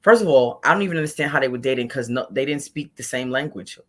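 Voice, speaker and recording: Woman, from brooklyn, bright forceful voice, blunt storyteller, podcast guest. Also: rumbling low, fast talker. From Brooklyn, New York. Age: adult with a child. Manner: emphatic, blunt, quotes herself in lively asides. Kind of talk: casual chat, animated storytelling.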